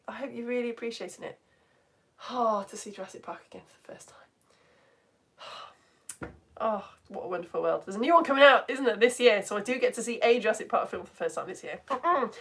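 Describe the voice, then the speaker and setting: Animated woman on a live lesson stream. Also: fairly high pitch, breathy edge. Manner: animated, swings between excited greetings and quiet asides. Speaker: teacher greeting live viewers.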